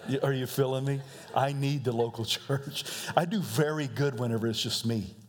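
A man's voice: mid-range voice, moderate pace, noisy background. A male pastor preaching a sermon in a church, talking in a loose, conversational way and often laughing between his points. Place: church sanctuary. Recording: reverberant church hall.

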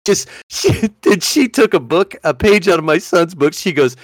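A man co-hosting a podcast in casual chat, telling stories with animated delivery and acting out both sides of conversations. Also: fairly high pitch, moderate pace, dry recording, studio quality. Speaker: podcast co-host.

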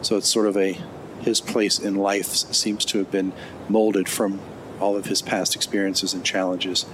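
A male podcast host sets up an interview segment, relaxed and loose with fillers. His voice sits low. A steady rumble, like air conditioning or traffic, is clearly heard behind him. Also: moderate pace.

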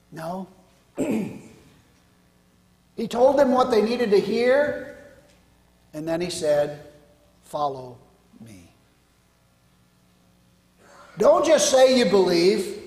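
Pastor guy preaching, high voice, goes loud then drops way down, big echoey church sound. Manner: preaching with sharp swings from loud declarations to hushed endings. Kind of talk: sermon. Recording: echoey hall.

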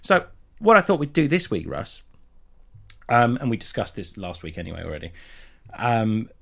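A hoarse man hosting a casual podcast chat, joking and laughing often. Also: lowish voice, big pitch swings, moderate pace, fairly bright tone. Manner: jokey, laughing, playful chanting. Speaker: podcast host.

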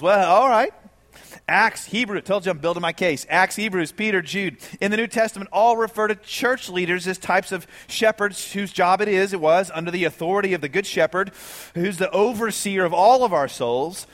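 Male pastor, high voice, lively preaching in a reverberant church hall. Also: normal speed. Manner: animated, rhetorical questions to the congregation. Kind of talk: sermon.

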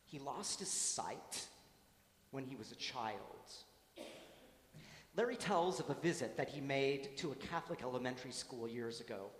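A priest reading the gospel and preaching a homily in a measured cadence, rising into dramatic storytelling. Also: male voice, mid-range voice, expressive. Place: church. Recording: echoey church with long reverb.

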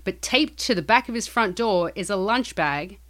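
A woman's voice: medium pitch, animated, normal speed, a bit bright. A woman co-hosting a podcast, casually retelling a strange story with lots of swearing and acted-out quotes. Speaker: podcast co-host.

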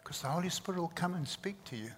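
A man's voice: high voice, animated, fast, fairly bright tone. A man, preaching a sermon with earnest emphasis and repeated words. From South Africa. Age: 60s. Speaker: pastor. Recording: reverberant hall, faint noise.

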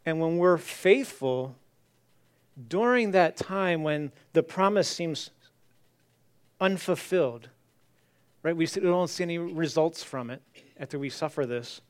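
Male pastor, sermon delivery, clear resonant tone, a little high. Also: animated, unhurried, pauses often. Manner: earnest, reads scripture aloud then repeats it.

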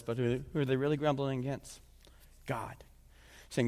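A man preaching a sermon in a conversational, animated way that often drops to a low, intense voice. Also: measured pace, pauses often, long reverb tail. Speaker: pastor.

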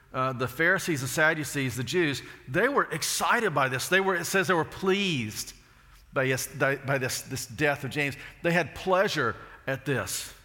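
A man's voice: fairly high pitch, sharp tone, big-room sound. A man preaching a sermon, telling folksy stories and asking rhetorical questions.

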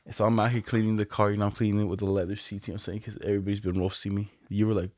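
A man's voice: fairly low pitch, level tone, racing, few pauses, warm tone, dry recording. A man co-hosting a podcast, telling stories in loose, slangy, profane casual chat. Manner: laid-back slangy storytelling, lots of profanity. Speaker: podcast co-host.

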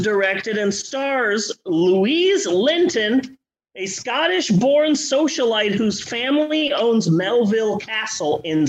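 Sarcastic, profane podcast co-host, high and animated, roasting a movie. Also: male voice, low-quality recording. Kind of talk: casual movie review chat.

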